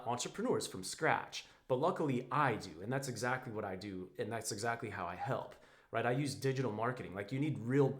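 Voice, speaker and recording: Blunt, slangy male dating coach. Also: medium pitch. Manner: blunt, slangy, swears, keeps saying "bro" and "right?"; acts out text exchanges in quick quoted voices. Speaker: dating and social-circle coach. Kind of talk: direct-to-camera advice monologue.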